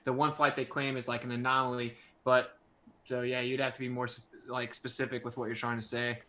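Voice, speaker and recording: A man in an online debate, answering questions in a loose, casual way. His voice is bright and a little sharp. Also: medium pitch, little pitch movement, a little fast, a little hiss or hum.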